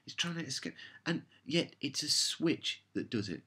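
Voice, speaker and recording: A man's voice: fairly high pitch, very animated, normal speed, bright, forceful tone, breathy edge. A man delivering a casual, rambling review monologue, sarcastic and exasperated. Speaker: show reviewer.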